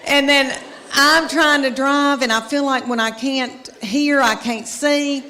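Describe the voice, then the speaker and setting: A woman's voice: high voice, fairly even intonation, slow, long reverb tail, noisy background. A middle-aged woman doing stand-up comedy, telling family stories in a chatty, drawling way. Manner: chatty storytelling with drawled asides. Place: comedy stage with live audience.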